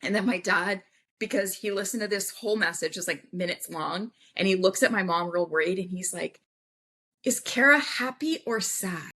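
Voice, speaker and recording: Bright-voiced woman telling a story. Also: fairly low pitch, brisk. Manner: animated, acts out quoted voices. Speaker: podcast guest. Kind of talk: casual storytelling interview.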